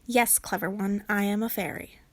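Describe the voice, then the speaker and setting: A woman voicing a haughty, sharp-tongued female fairy who talks in a sniffy, sarcastic, condescending way. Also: mid-range voice, normal speed, lightly acted. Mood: scornful.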